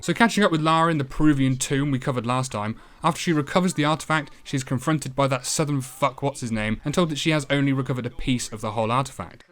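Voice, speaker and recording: A man narrating a retro game review in a sardonic, deadpan voice, swearing freely as he picks the game apart. His pitch sits in an ordinary middle register, and his delivery stays dry and mocking throughout.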